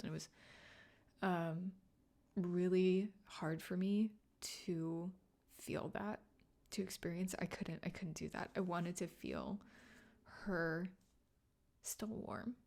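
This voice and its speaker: A woman podcast host telling a personal story in a soft, halting, tearful way, often dropping to a whisper. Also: lowish voice, steady tone, gravelly. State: emotional, near tears. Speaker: podcast host and grief coach. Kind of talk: personal solo podcast monologue.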